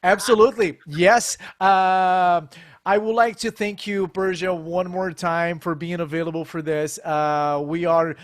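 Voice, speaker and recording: A man's voice: sits high, fairly even intonation, a little slow, no echo. A man hosting a casual interview, talking enthusiastically with many restarts and fillers. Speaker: host.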